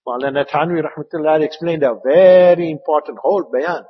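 A man giving an Islamic religious talk with stories, rambling and repeating words, sometimes dropping into soft asides. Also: on the high side, a little fast, husky. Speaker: Islamic preacher. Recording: muffled, echoey hall.

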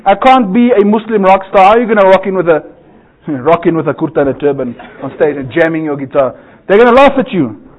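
A man's voice: high voice, animated, fast. A man preaching as a maulana in a humorous sermon, cracking jokes and asking rhetorical questions. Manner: joking, rhetorical questions, laughs at own jokes. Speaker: maulana giving a bayan. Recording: tinny phone-like sound.

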